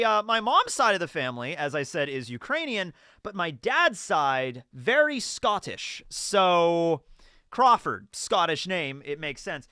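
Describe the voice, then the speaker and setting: A young adult man hosting a live stream, chatting casually and excitably with frequent laughter. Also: high voice, takes it slowly, smooth, dry recording, studio quality. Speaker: streamer host.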